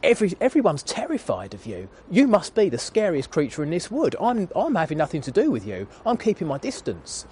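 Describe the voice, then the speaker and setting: A man's voice: a little high, huge pitch swings, brisk, few pauses, a little mellow, a little hiss or hum, pitched above the performer's own voice. A man voicing a huge, hairy male monster in a children's story retold during a sermon. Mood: wary.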